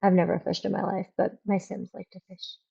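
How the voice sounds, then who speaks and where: A woman's voice: medium pitch, flat delivery, brisk, gravelly, mellow, slightly rough, lo-fi sound. A young woman streaming a game, chatting casually and rambling with lots of fillers. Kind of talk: casual gameplay commentary.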